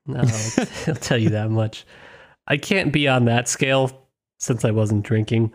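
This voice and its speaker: A man co-hosting a relaxed book-discussion podcast, a bit congested and stuffy. He rambles casually, jokes a lot and laughs easily. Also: medium pitch, a little slow. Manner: jokey, laughs often, rambling. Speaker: podcast co-host. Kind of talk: casual book-club chat.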